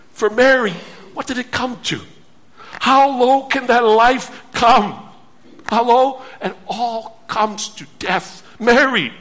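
A man preaches in a strikingly high voice, taking his time over every phrase. He is earnest, circling back with repeated words and rhetorical questions to his listeners. The delivery stays slow and measured throughout. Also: bright, forceful tone. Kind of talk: sermon.

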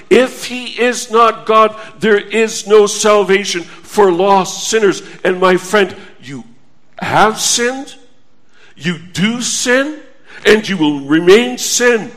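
A male pastor preaching a sermon to his congregation, slow and emphatic, quoting scripture. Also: high-pitched, fairly bright tone.

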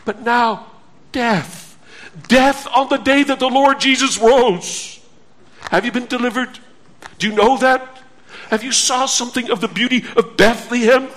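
A man preaches in a strikingly high voice, taking his time over every phrase. He is earnest, circling back with repeated words and rhetorical questions to his listeners. The delivery stays slow and measured throughout. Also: a bit bright. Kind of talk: sermon.

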